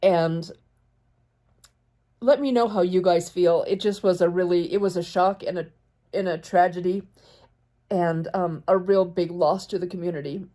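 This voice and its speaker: A woman's voice: fairly low pitch, steady tone, moderate pace, long pauses, mellow. A woman chatting casually as she sews a quilt, rambling and talking to her cat, tearful at times. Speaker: quilting vlogger. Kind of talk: casual chat while sewing.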